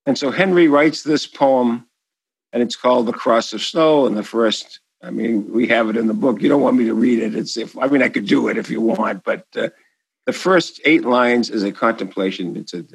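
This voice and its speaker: A man's voice: mid-range voice, normal speed, vocal fry, breathy edge, dry recording, rough recording. A man with a Boston accent, an author answering an interview question in a rambling, enthusiastic way full of asides and restarts.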